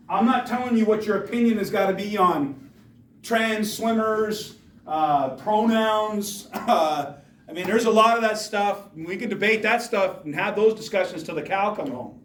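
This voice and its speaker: A man giving an emphatic motivational talk to students in a school hall, firing rhetorical questions at the audience. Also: sits high. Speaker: speaker addressing students. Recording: echoey room from far off.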